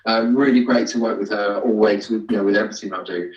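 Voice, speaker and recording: A man being interviewed, talking in a halting way with many fillers and restarts. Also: fairly low pitch, steady tone. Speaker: guest, amateur actor. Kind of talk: casual interview chat. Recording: echoey, distant, dull sound.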